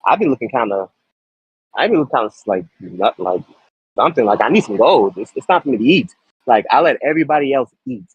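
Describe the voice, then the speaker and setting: A man's voice: mid-range voice, slightly rough, no room sound, muffled recording. A young man giving a casual wrestling-style interview, eager and slangy, laughing as he talks. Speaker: wrestling roleplayer in a post-draft interview.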